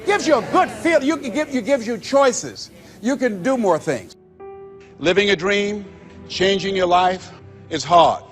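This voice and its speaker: Male motivational speaker, pitched high, delivers with preacher-like emphasis and repetition over faint music. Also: expressive, measured pace. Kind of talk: motivational speech to an audience. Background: faint background music.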